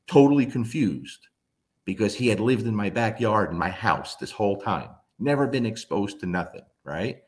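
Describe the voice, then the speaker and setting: A man with a lowish voice tells stories about raising and training his dogs. He talks casually and bluntly, with the odd curse, and slips into quick impressions of the dogs and people in his stories. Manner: animated, acts out his dogs and friends in quick asides. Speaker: dog trainer. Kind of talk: casual storytelling talk.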